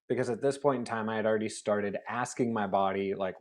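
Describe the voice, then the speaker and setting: Chatty man telling animated stories. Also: lowish voice, a little fast. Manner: chatty, animated, laughs often, acts out dialogue. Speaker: guest facilitator. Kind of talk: casual storytelling interview.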